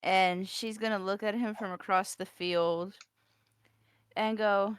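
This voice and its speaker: A woman playing a tabletop game online, playful with quick comebacks. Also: mid-range voice, steady tone, smooth, no echo, clean studio sound. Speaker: player. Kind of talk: casual tabletop play.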